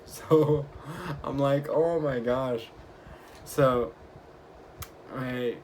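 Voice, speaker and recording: A young man vlogging, casually retelling his week with lively quoted bits of dialogue. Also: mid-range voice, slight background noise. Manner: chatty, animated retelling with acted quotes. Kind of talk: casual storytelling vlog.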